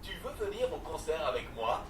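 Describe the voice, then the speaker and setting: A man voicing the narrator and male friend of a language app story, with a clear, measured reading. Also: a little high, sing-song, echoey room, distant mic, crowd noise. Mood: narrating.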